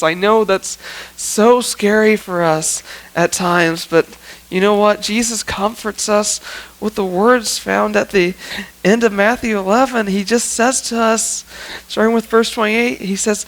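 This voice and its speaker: A man's voice: high-pitched, fairly even intonation, unhurried, a bit bright, rough recording. A male pastor preaching a sermon in a church, in an earnest, conversational way that often leans on "I mean" and "you know what.". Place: church sanctuary.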